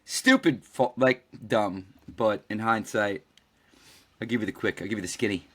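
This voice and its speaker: Low-voiced man spinning an animated story. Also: normal speed. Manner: animated storyteller who acts out quoted dialogue and swears freely. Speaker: podcast co-host. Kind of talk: casual storytelling chat.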